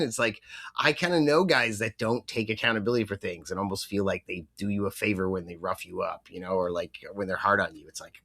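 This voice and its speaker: A young man co-hosts a casual podcast, rambling through his points with plenty of fillers and the odd curse. His voice sits on the low side. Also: a little fast, bright, forceful tone. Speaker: podcast co-host. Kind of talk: casual chat.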